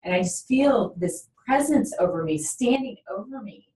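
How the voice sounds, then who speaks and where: A woman hosting a talk show tells a candid, emotional personal story, often checking in with "right?" Her voice is on the high side with a dark tone, lively intonation and normal speed, recorded at a distance in an echoey room with faint noise.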